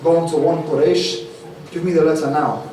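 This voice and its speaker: A man's voice: a little high, fairly even intonation, moderate pace, dark tone, a little hiss or hum, close to an everyday voice. A man voicing a confident male companion who insists on getting a letter, heard in an echoey hall from a distance. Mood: insistent. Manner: insistent, then doubtful.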